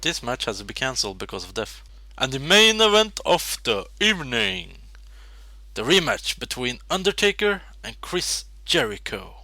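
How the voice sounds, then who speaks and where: Excitable young man with a bright, lively voice. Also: medium pitch, moderate pace. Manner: excitable, swears and laughs at his own slips. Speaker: gameplay commentator. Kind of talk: casual game commentary.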